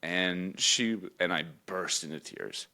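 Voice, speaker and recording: A young man from Newfoundland with a low-pitched voice tells a heartfelt personal story on a casual podcast. He talks emotionally and sometimes leaps far up in pitch to mimic his mother. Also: slow pace, creaky, pushed and bright. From Newfoundland, Canada. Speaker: podcast co-host.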